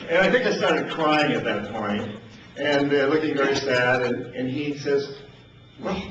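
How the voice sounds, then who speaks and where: An older man from New Hampshire tells personal stories in a relaxed, anecdotal way, chuckling often and repeating words as he goes. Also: mid-range voice, moderate pace. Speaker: speaker telling stories. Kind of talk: storytelling talk. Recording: echoey distant lo-fi with noise.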